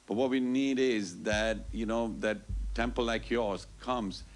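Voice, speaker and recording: A man's voice: medium pitch, a little slow, a little hiss or hum. Chatty man telling a story. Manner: animated, quotes others in dialogue, frequent "you know" and "I goes". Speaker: temple speaker at a Sunday program. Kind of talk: casual storytelling announcement. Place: temple hall.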